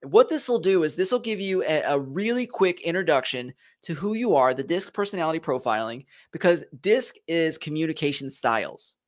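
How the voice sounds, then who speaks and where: A man's voice: a little high, animated, moderate pace, few pauses. A man from Philadelphia hosting a motivational live stream, speaking earnestly and with emphasis straight to his viewers. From Philadelphia, USA. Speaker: host of a leadership live stream.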